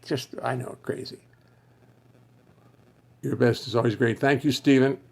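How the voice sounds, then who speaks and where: A man hosts a loose, rambling livestream, thinking out loud and greeting viewers one by one. His voice is hoarse and heavily gravelly, pitched in an ordinary middle range. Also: fairly even intonation, measured pace. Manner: chatty, wandering, thinks aloud and greets viewers by name. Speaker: musician hosting a livestream for fans. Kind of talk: rambling casual livestream chat.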